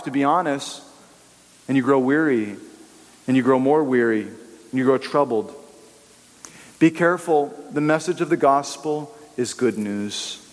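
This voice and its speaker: A man's voice: medium pitch, big-room sound. A male preacher giving a conversational, emphatic sermon who acts out the voices he quotes.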